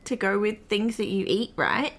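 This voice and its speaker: A woman co-hosting a casual podcast over a remote call, giggly and animated. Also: medium pitch, moderate pace. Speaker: podcast co-host. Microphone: remote call mic.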